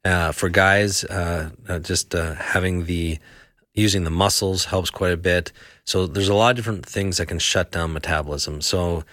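A man with a notably low voice speaks as a health practitioner on a radio talk show. He explains things step by step, stopping often for fillers and restarts. The sound is dry, with no room echo. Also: steady tone, moderate pace, a bit bright. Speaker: health practitioner answering listener questions.

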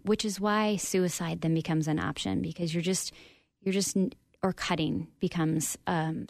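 A woman's voice: fairly low pitch, no echo, clean studio sound. A woman guest on a radio interview, telling her personal story in an earnest, open, reflective way with frequent ums.

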